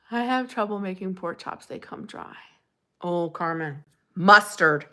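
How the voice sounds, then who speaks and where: A woman hosts a relaxed live stream with a bright, clear voice. She chats with viewers by name and gushes openly. Her tone is friendly and unscripted. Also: on the low side, a little slow. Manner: chatty and gushing, answers viewers by name, frequent laughs. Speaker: livestream host. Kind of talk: casual live-stream chat reading viewer comments.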